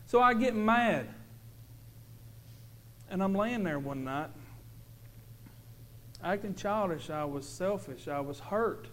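A man's voice: sits high, expressive, takes it slowly, long pauses, fairly bright tone, low-quality recording. A man giving an earnest, emphatic personal testimony to a congregation as a father, stumbling and repeating himself.

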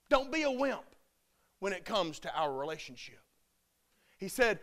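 A man preaching a sermon with emphatic delivery, building to loud shouted peaks. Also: high voice, big pitch swings, measured pace, pauses often.

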